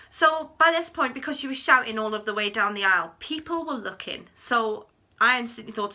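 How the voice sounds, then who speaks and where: A woman in her thirties telling a personal story to camera in a chatty, animated way, acting out what people said. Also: a little high, fairly quick. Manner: chatty, animated retelling with acted quotes. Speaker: vlogger. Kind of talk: storytime vlog.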